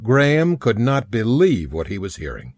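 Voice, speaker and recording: A man narrating a historical audiobook in an expressive storytelling manner. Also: lowish voice, normal speed. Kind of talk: scripted narration.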